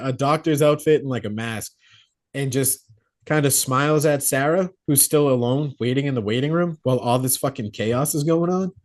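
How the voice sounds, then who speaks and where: A man co-hosting a horror podcast, retelling a film plot casually, swearing and acting out the characters' lines. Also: medium pitch. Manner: swearing, animated retelling with quoted character voices. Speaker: podcast co-host. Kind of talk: casual movie recap. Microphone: podcast mic.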